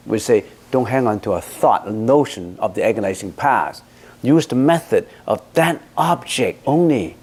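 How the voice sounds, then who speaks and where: A man's voice: lowish voice, animated, normal speed, darkish tone, husky. A man as a Buddhist teacher, giving an emphatic dharma talk that answers questions with rhetorical questions.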